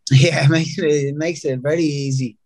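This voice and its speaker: An Irish man in his thirties, a footballer talking casually in an interview, relaxed and full of fillers. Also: a little high, normal speed, no echo. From Ireland. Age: 30s. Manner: relaxed, laid-back storytelling with many fillers. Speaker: professional footballer, guest.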